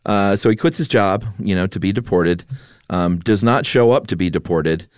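A man's voice: deep voice, normal speed, no room sound, clean studio sound. A man co-hosting a podcast, recounting events in casual chat with light humor. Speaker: podcast co-host.

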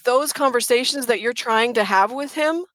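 A woman's voice: fairly high pitch, moderate pace, a bit bright, no echo. A middle-aged woman speaking earnestly and emphatically as a guest in a casual interview, repeating words for stress.

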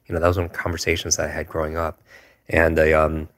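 A man in his forties with an extremely low voice, speaking in a flat, even tone. He tells a personal story earnestly and reflectively as a guest, stopping often to hesitate. His delivery stays steady rather than lively. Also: fast talker. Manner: earnest, reflective, with frequent hesitations and filler words.

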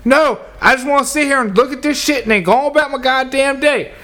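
A man telling a loud, profane work story in casual podcast chat, acting out his coworkers as he goes. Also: very high voice, brisk. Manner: animated storyteller, acts out coworkers, heavy cursing.

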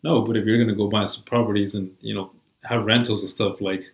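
Profane rambling man, low voice, roomy. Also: little pitch movement, fast talker. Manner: profane, rambling, lots of "like" and "you know". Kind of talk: casual chat.

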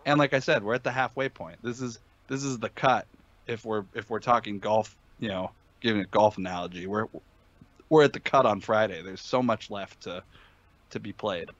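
An opinionated man breaks down sports betting picks in a casual podcast chat. He talks emphatically, with lots of fillers and restarts. His voice sits low, and the recording is dull and dry. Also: normal speed, a bit bright, no room sound.

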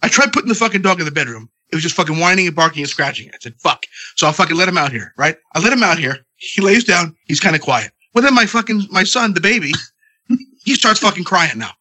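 A man's voice: high voice, big pitch swings, quick pace, sharp tone. A congested man in his thirties ranting profanely about his night at home, as a podcast co-host. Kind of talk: casual chat.

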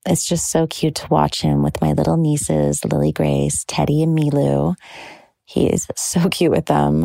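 A young woman talking casually and gushing about her coming wedding, drawn-out and breathy, with many "like"s. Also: low voice, mellow, no room sound, studio quality. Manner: gushing, slow and drawn-out with frequent "like". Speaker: bride promoting her docuseries. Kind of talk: casual personal talk to camera.

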